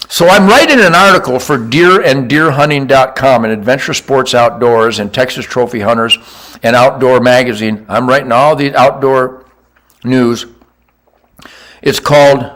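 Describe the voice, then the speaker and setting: An older man casually telling a hunting story as host, boastful and animated, swinging between loud outbursts and quiet mutters. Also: on the high side, moderate pace.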